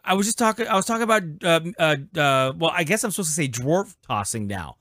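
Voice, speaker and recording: A man's voice: fairly high pitch, very animated, fast talker, pushed and bright. An older man co-hosting a political talk show who rants in an exasperated, profane tirade. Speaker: co-host.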